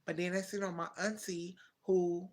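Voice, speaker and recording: A woman's voice: on the low side, little pitch movement, moderate pace, darkish tone. A young woman casually telling a heartfelt personal story on a livestream, rambling and correcting herself as she goes. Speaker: livestream host.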